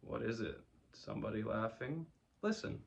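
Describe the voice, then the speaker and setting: A man voicing an eager, excitable young boy in a storybook reading, speaking with excited energy. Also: lowish voice, moderate pace, gravelly, lo-fi sound.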